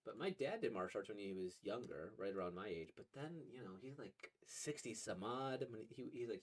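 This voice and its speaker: A man's voice: lowish voice, animated, quick pace. A young man casually reacting to a manga, rambling with many restarts and short laughs.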